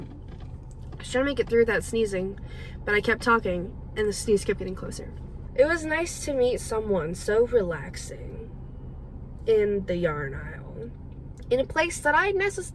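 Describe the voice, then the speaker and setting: High-voiced young woman telling a chatty story. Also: a little hiss or hum, rough recording. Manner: animated, rambling, with quick asides. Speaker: vlogger.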